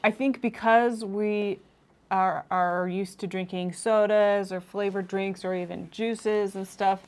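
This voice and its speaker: A woman in casual live-stream chat, reading viewer comments aloud in a middle-pitched voice. Her talk is easygoing and chatty. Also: fairly even intonation, slow, darkish tone, clear, resonant tone.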